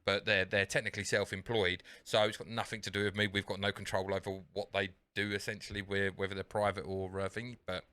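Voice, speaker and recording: A man's voice: on the low side, flat delivery, quick pace, few pauses, sharp tone, clean tone, no room sound. A British man co-hosting a podcast in casual chat, swearing and acting out phone calls in a raised voice. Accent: British English. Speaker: podcast co-host.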